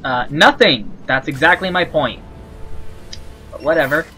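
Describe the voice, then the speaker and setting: Man, let's play commentary, rambling, sarcastic, sweary, sharp bright tone. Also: a little high, animated, unhurried, a little hiss or hum, low-quality recording. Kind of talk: casual gameplay commentary.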